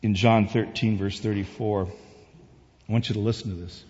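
A man's voice: on the low side, fairly even intonation, normal speed, darkish tone. A male pastor giving a conversational sermon that swells to emphatic peaks, recorded in a church sanctuary. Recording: dull distant sound in a reverberant hall.

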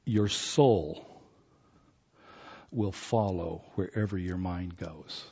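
A man's voice: low-pitched, takes it slowly, gravelly, slightly rough. Preacher guy, fired up sermon, kinda muffled, echoey hall. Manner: animated, acts out biblical voices. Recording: dull recording in a hall.

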